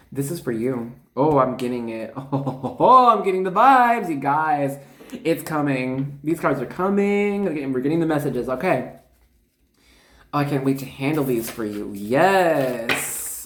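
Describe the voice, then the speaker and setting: Excitable, chatty tarot reader in an echoey room. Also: medium pitch. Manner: excitable, chatty, full of fillers and asides. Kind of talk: casual spiritual card reading.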